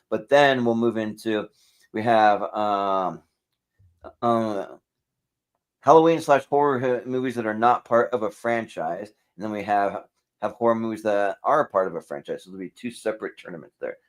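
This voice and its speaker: A man hosting a movie podcast, talking casually and rambling through plans. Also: fairly low pitch. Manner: rambling, many fillers and restarts. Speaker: podcast host. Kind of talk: casual chat.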